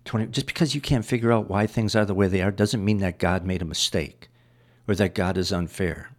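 A man's voice: low-pitched, a little fast. A man preaching a sermon, going through scripture verse by verse and driving points home with repetition. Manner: explains verses line by line, repeating phrases.

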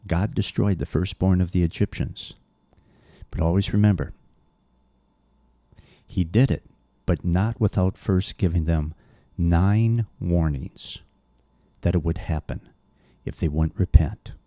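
A man's voice: sits low, unhurried, long pauses, mellow, no room sound. A man preaching a verse-by-verse sermon, earnest and blunt, reading scripture aloud and pressing his points with emphasis.

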